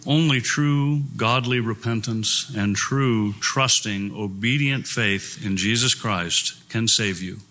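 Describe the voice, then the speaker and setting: A man's voice: fairly low pitch, slow, hardly any pauses, sharp tone. A man preaching a sermon, reading scripture aloud and speaking in an earnest, emphatic way.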